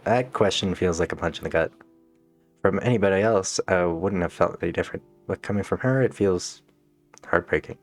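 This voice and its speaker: Low-voiced man reading a game aloud. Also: brisk, faint music behind. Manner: dramatic reading broken by laughing and joking. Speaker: game player. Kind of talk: reading a visual novel aloud.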